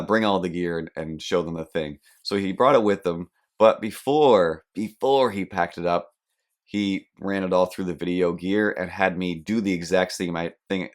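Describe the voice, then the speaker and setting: A young man hosting a podcast, telling a rambling, self-deprecating comic story with animated asides. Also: deep voice. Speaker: podcast host. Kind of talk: comedic storytelling monologue.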